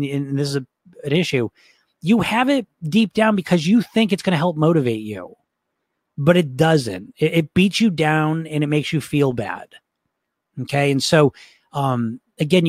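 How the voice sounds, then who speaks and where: Give me an upbeat male coach lecturing casually, slightly high voice, dry recording. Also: no room sound. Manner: casual, upbeat, many fillers and "right?" checks. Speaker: weight-loss coach.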